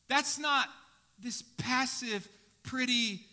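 A male pastor preaching an impassioned sermon, dropping to a hush and rising to shouts. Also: high-pitched, moderate pace. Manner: impassioned, swinging from hushed to shouting.

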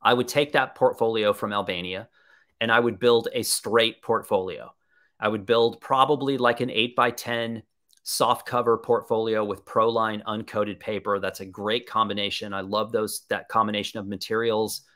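Presenting a live webinar, a man talks at normal speed in a fairly low, steady voice that sounds pushed and bright. He's enthusiastic and conversational, answering questions from viewers while thinking out loud.

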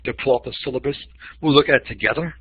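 Man, webinar presenter, husky, emphatic; dry, lo-fi audio. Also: mid-range voice, quick pace, no room sound. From Boston. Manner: expressive, uses voice for emphasis. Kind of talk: webinar teaching talk.

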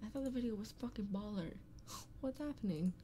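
A woman's voice: mid-range voice, animated, brisk, dark tone, a little hiss or hum. A woman livestreaming and chatting casually to her viewers, blunt and profane with playful grumbling. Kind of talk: casual stream chat. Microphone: streaming microphone.

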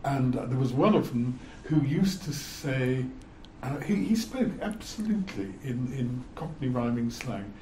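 A man's voice: medium pitch, expressive, a little slow, few pauses, a little mellow, slight background noise. An older man, a former lawyer, telling stories in a wry, amused way as a guest speaker. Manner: wry, amused, chuckles through his stories. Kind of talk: anecdotal storytelling. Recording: roomy echo.

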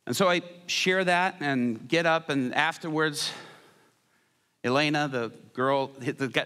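Male pastor, middle-aged, animated storytelling sermon, bright forceful tone, long church reverb. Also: a little high. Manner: animated, acts out the people in his story. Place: large church hall.

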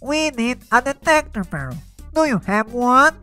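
A woman's voice: fairly high pitch, lively intonation, moderate pace, pushed and bright, no room sound, soft background music. A woman voicing an anxious, doubtful young friend in a fan-made game video. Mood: worried. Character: worried cautious young female friend.

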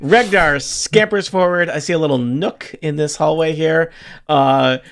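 A man's voice: a little high, unhurried, fairly bright tone. A man playing a tabletop game, playful and thinking aloud as he works out his turn. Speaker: player. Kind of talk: casual tabletop game play.

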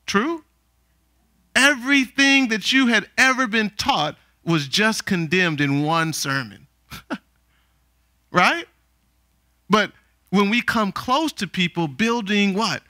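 A man's voice: high voice, slow pace, long pauses, sharp tone, no room sound. A man preaching a sermon, often calling out questions for the congregation to answer. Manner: calls for responses from the congregation.

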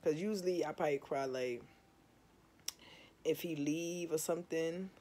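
A woman's voice: low voice, normal speed, dark tone. Candid, swearing young woman vlogger. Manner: candid, emphatic, swears freely, keeps asking "you understand?". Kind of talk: casual confessional chat to viewers.

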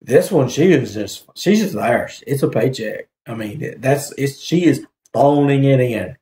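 A man's voice: mid-range voice, lively intonation, a little slow, dark tone. A man hosting a casual video review, rambling with hesitant fillers and frequent laughter. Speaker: YouTube reviewer host. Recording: echoey room.

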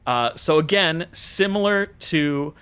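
A man's voice: fairly high pitch, animated, takes it slowly, a bit bright, clean tone. An American man co-hosting a casual podcast, talking in a loose, rambling way with frequent fillers. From United States. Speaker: podcast co-host.

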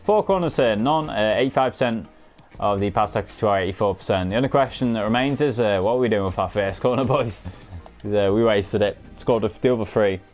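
A young man giving casual, sweary commentary on his football game, calling viewers "boys" and shouting when goals go in. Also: on the low side, brisk, faint music behind. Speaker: gaming commentator.

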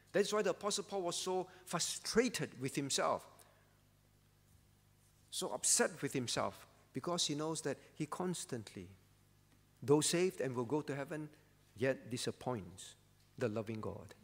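An earnest man preaching as pastor, pleading with his listeners and often dropping to a hushed tone. His voice sits fairly high. A long reverb from the church space trails each phrase. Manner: earnest, pleading preaching that drops to soft tones. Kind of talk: sermon.

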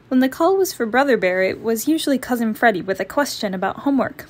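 A woman storyteller reading a children's picture book aloud, clear and expressive. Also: on the high side, fast talker, few pauses.

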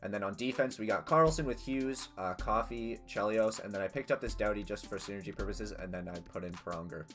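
A young man giving casual, excitable gameplay commentary as a gaming channel host, swearing and yelling at big plays. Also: lowish voice, a little fast, hardly any pauses, soft background music. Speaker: gaming youtuber.

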